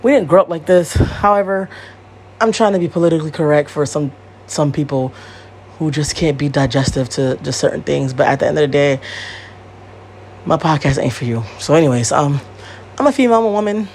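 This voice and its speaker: A woman's voice: deep voice, fairly quick, a little mellow, slight background noise. A woman in her thirties hosting a podcast, talking in a blunt, profane and rambling way, repeating herself. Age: 30s. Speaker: podcast host. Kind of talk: casual monologue.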